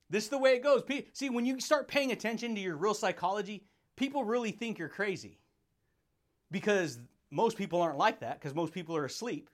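Fired-up high-voiced man hyping listeners. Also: fairly bright tone. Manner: hyped, laughing often, calls listeners buddy, dude and baby. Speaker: motivational podcast host. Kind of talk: energetic motivational monologue.

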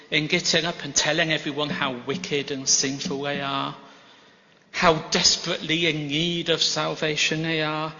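In a big church, a male guest preacher with a bright, rather high voice gives a sermon that echoes through a long hall reverb. His storytelling is gentle and self-deprecating, and the audio comes across slightly dull and muffled.

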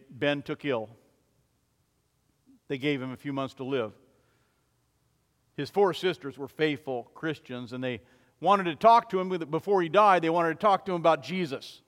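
Man preaching a story in a reverberant church, higher-pitched voice, dynamic swells and drops. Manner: dramatic storytelling, swelling loud then dropping soft. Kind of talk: sermon illustration story. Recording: long reverb of a large hall.

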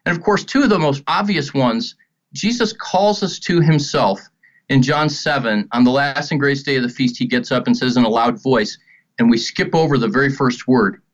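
A middle-aged man speaking earnestly about faith, telling stories with animated, acted-out quotes. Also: mid-range voice, moderate pace. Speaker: ministry guest speaker. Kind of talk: earnest spoken teaching on faith. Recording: dull lo-fi sound.

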